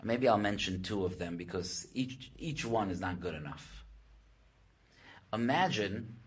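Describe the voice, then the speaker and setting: Man, rabbi, Torah lecture, husky voice, restarts while thinking aloud. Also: fairly low pitch, animated, measured pace. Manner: explains Hebrew texts in English, voice rising when quoting.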